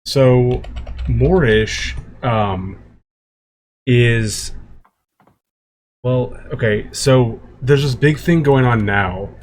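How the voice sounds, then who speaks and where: A man's voice: medium pitch, very slow, pauses often. A man co-hosting a podcast in casual chat, rambling and searching for words as he explains. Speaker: podcast co-host.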